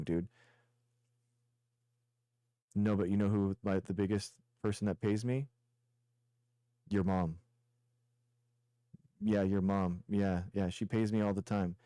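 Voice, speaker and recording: A man's voice: fairly low pitch, warm tone, clean tone, no room sound. Mocking young male stream host. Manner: combative, mocking, repetitive taunts. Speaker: show host debating callers. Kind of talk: heated live-stream debate.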